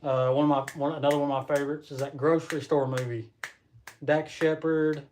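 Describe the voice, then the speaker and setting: A man's voice: on the high side, level tone, brisk, darkish tone, slight background noise. Chatty man streaming live. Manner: rambling, chatty, laughs often; talks to viewers while reading comments. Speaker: livestream host. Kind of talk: casual live-stream chat.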